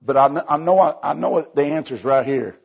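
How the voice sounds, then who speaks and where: Male evangelist, husky slightly high voice, folksy storytelling sermon, dull lo-fi recording. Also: brisk. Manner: folksy, repeats and restarts, acts out dialogue. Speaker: evangelist preacher.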